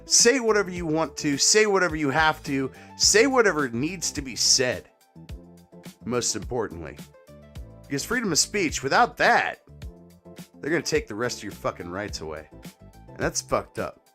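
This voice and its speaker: A man with a lively, up-and-down voice hosts a late-night chat over a video call. He is laid-back and a little high, swearing and laughing as he talks. Faint music plays behind him. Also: moderate pace. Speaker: podcast host. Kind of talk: casual late-night chat reacting to clips.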